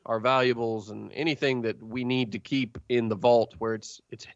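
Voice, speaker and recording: A man narrating a tabletop game as game master, halting with many fillers. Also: medium pitch, fairly even intonation, no room sound. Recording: dull lo-fi stream audio.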